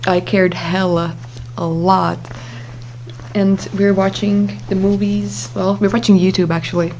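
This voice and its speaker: A chatty young woman recounting a personal story for her vlog, with a voice at an everyday middle pitch. Her talk is loose and casual, full of fillers and little asides, with a faint hiss of noise behind her. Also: flat delivery, moderate pace, darkish tone. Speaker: vlogger.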